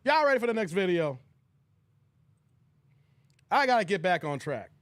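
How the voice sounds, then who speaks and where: A man's voice: sits high, moderate pace, no echo. A young man hosting a casual live stream, laughing and talking in loose slang with his chat. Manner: laughing hard, animated, slangy.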